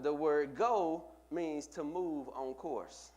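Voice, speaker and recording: A man's voice: a little high, takes it slowly, darkish tone. A male pastor preaching a sermon, building with emphatic, repeated phrases. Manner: preaching with rising emphatic repetition.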